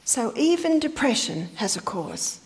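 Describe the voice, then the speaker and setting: A woman speaking to a church audience in a sermon-like lecture. Her voice sits fairly high, and she tells stories with emphasis. She drops to a near whisper to land her points. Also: very animated, measured pace. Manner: storytelling, emphatic, rhetorical questions, drops to a whisper on key points.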